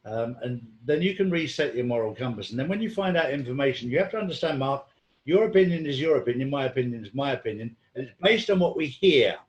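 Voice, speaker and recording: A man's voice: medium pitch, lively intonation, fast talker, echoey room. A man in casual conversation, telling rambling stories with lots of ums and restarts. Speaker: guest.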